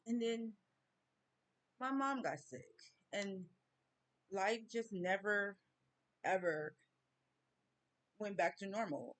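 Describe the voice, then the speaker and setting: A woman, talking slowly and haltingly in a personal vlog rant, near tears. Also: lowish voice. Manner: slow, halting, tearful grief. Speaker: vlogger.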